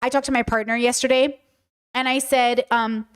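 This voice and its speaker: High-voiced woman chatting frankly. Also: flat delivery, normal speed, clear, resonant tone. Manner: chatty, frank, checks in with listeners. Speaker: podcast host answering chat. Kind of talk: casual livestream talk.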